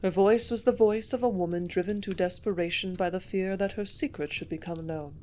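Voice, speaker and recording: A woman narrating an old novel as an audiobook, her reading steady and even at a middling pitch. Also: fairly quick, hardly any pauses. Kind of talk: scripted narration.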